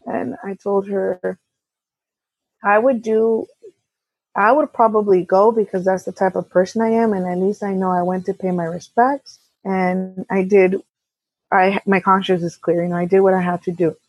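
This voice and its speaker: A woman co-owner of a repair shop telling a personal story as a podcast guest, candid and halting, often quoting others. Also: medium pitch, steady tone, dry recording, highs cut off. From California. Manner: candid, halting with restarts, quotes others in dialogue. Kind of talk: conversational storytelling.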